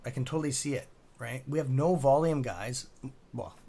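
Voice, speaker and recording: A man's voice: mid-range voice, moderate pace, creaky, warm tone. A man hosting a casual live stock-trading stream, rambling and chatty with a sore throat, swearing now and then.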